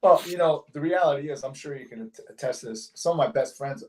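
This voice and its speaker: A male host talks in an easy, relaxed way, with a pitch in the ordinary middle range. He mostly chimes in with quick agreements and sometimes tells a story of his own. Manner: relaxed, chiming in with short agreements. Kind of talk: casual conversation.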